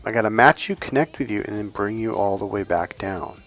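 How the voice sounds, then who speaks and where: A man working as a dating coach, telling a story in a deliberately slowed, calm way and swearing bluntly. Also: fairly low pitch, faint music behind. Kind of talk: casual storytelling monologue.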